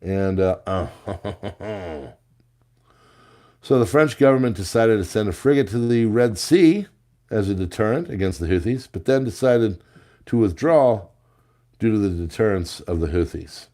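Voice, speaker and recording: A man's voice: lowish voice, lively intonation, normal speed, mellow. A man hosting a news commentary show, reading headlines and adding sarcastic, jokey asides. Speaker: host.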